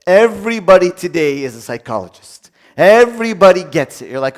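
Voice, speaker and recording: A man's voice: high-pitched, normal speed, long pauses. A man preaching a sermon on marriage, acting out little dialogues and joking with the congregation. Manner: animated, acts out dialogue, jokes with audience.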